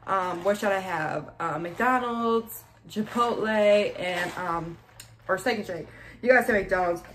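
A woman's voice: medium pitch, takes it slowly, slight background noise. A young woman hosting a casual mukbang vlog at home, chatty and hyping her channel, now and then tripping over her words. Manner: chatty, hypes subscribing, trips over words. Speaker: vlogger. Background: child in the background.

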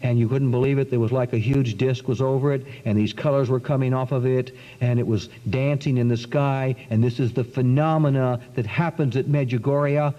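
A middle-aged man giving a religious testimony talk, telling his story with lively acted-out quotes. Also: medium pitch. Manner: animated storyteller, acts out quotes. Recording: dull 1990s recording in a reverberant hall.

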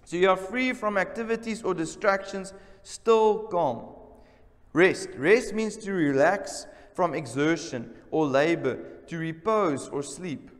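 A man's voice: sits high, takes it slowly, in a large hall. A man preaching a sermon in a church, emphatic and repeating key words, calling out to the congregation for responses. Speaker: pastor. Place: church service.

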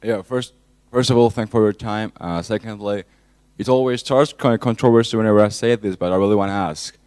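Halting man asking questions. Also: lowish voice, darkish tone, clear, resonant tone, dry recording. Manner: hesitant, halting, many fillers. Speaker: audience member.

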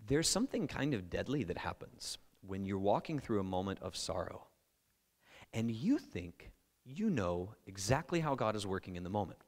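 A male pastor preaching a sermon in a conversational, animated way, with playful asides. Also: on the low side, normal speed, big-room sound.

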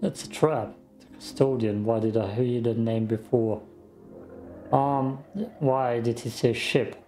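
A man's voice: medium pitch, steady tone, a little slow, mellow, soft background music. A man hosting a let's play, giving casual gaming commentary with joking, rambling asides to his viewers.

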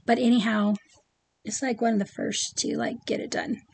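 A woman's voice: a little high, flat delivery, moderate pace, creaky, a little mellow, a little hiss or hum. A middle-aged woman chatting casually to camera about her pin collection, with many ums and asides.

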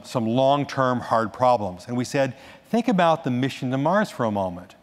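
A man giving a conference talk on stage, animated, restarting sentences and adding asides as he goes. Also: medium pitch, normal speed. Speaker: conference speaker. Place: large conference hall. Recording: echoey hall reverb.

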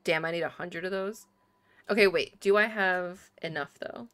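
A young woman chattering through a live game stream, excitable and quick to giggle. Her voice is bright and crisp, recorded dry and close. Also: fairly low pitch, dry recording. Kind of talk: live gameplay commentary.

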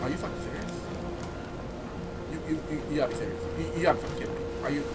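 A man hosting a gameplay commentary video, excitable and swearing, with stammering repeats and shouted outbursts. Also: fairly high pitch, rapid-fire. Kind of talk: let's play commentary. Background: game music and sounds.

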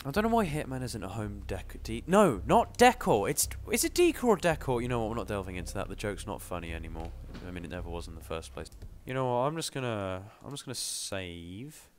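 A man's voice: fairly low pitch, animated, fast talker, slight background noise. A young man commenting playfully on a game he plays, joking and exclaiming to himself. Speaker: gamer. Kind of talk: let's play commentary. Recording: game music behind the voice.

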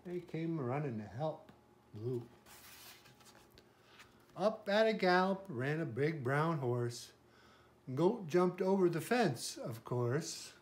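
An older man, a grandfather, reading a picture book aloud in a gentle way and pausing to point out the pictures. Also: a little high, animated.

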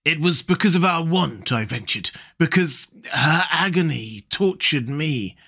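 A man voicing a starving, haunted shipwrecked man who speaks in a husky, pleading, broken way. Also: a little high, slow, pushed and bright, heavily acted. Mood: anguished. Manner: hopeless, pleading, broken speech.

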